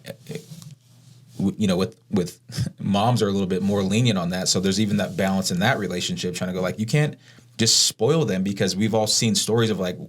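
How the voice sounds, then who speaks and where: A man's voice: low voice, brisk. A man in his forties co-hosting a podcast, affirming and reflective in casual chat. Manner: affirming, reflective, says "dude" often. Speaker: podcast co-host.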